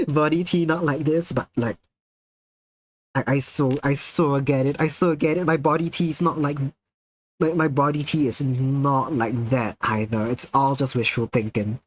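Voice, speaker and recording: Reacting to his viewers' messages on a live stream, a man chats casually, gets excited, laughs a lot, and swears without holding back. He speaks at medium pitch and moderate pace, and the audio is poor.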